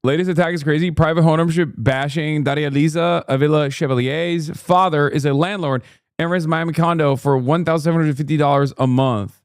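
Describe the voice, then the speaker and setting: A man's voice: on the high side, fairly even intonation, a little fast, smooth, no room sound. Sarcastic man streamer, dry close sound. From United States. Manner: sarcastic, profane, laughs while mocking. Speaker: streamer and political commentator. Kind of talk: casual reaction commentary.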